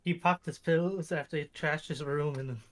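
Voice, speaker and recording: A man's voice: on the high side, steady tone, normal speed. A man on a casual movie podcast, recapping scenes bluntly with casual swearing. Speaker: podcast guest.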